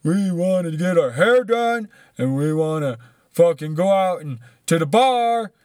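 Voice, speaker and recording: A man doing a loud, whiny, mocking protester. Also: high voice, lively intonation, measured pace, dry recording, studio quality, pitched above the performer's own voice.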